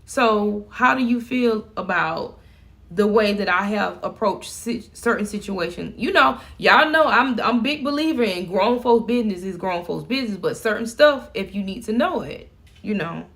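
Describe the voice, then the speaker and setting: A woman's voice: mid-range voice, expressive, normal speed, a bit bright. A middle-aged woman vlogging from home, chatting casually and laughing as she talks to her viewers.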